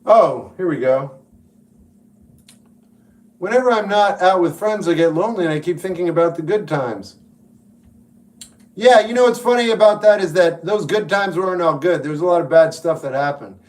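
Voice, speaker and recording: Jersey guy on a livestream, kinda high voice, blunt dry advice to chat. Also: expressive, normal speed, long pauses. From New York / New Jersey. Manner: blunt, wry advice-giving. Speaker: livestream host and musician. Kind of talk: casual livestream chat answering viewers.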